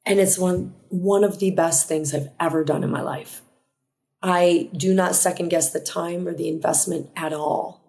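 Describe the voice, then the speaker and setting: A woman with a fairly low voice hosts her own podcast alone, talking earnestly and reflectively. She often starts a phrase over and then carries on, and now and then drops in a quick aside. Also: fairly even intonation, creaky, darkish tone. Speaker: podcast host. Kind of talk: motivational solo podcast talk.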